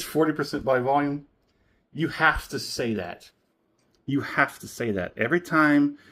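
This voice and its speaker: A man hosting a casual spirits review, talking in a playful, joking and slightly rambling way. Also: medium pitch. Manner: playful, jokey, a little rambling.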